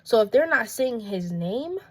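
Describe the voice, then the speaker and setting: A woman speaks in a high, bright register. She preaches in an emphatic, heartfelt monologue and hammers her points home by repeating them. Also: very animated, a little slow. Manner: passionate, emphatic, repeats phrases. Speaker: faith vlogger.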